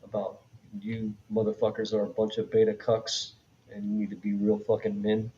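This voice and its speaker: A man's voice: on the low side, monotone, normal speed, warm tone, dull audio, slight background noise. A man chatting casually as a guest, laid-back and joking. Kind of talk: casual chat.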